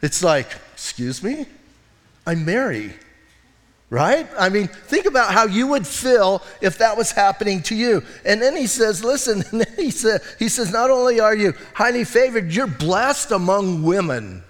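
A man preaching a sermon as pastor, talking in an animated, conversational way and often breaking in with "listen" and "right?". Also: sits high, normal speed, few pauses, big-room sound. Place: church.

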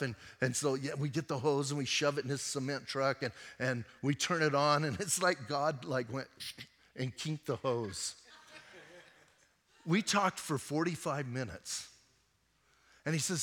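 A man who is a pastor, preaching a sermon and telling a personal story in a conversational way, moving between emphatic and hushed delivery. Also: medium pitch, moderate pace, in a large hall.

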